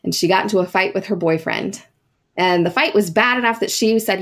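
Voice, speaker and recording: A woman's voice: mid-range voice, a little fast, a bit bright. A woman hosting a podcast, telling a ghost story in a casual, chatty way with many fillers and asides. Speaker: podcast host.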